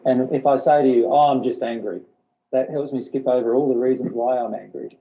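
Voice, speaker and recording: A man's voice: medium pitch, fairly even intonation, fast talker, dark tone, dull audio. A man leading a spiritual workshop, explaining earnestly and often repeating his words. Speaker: workshop teacher.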